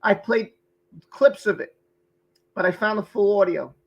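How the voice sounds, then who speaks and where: A man hosts a live stream, chatting casually and greeting viewers by name from the chat, sometimes stumbling over their names. His voice is high and creaky at a measured pace, and the audio is poor.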